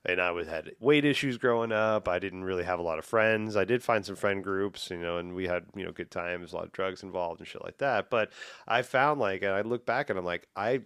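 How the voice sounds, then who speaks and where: Low-voiced man swearing through casual stories. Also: a little fast, smooth, dry recording, studio quality. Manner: profane, animated storytelling. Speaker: podcast host. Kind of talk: casual conversation.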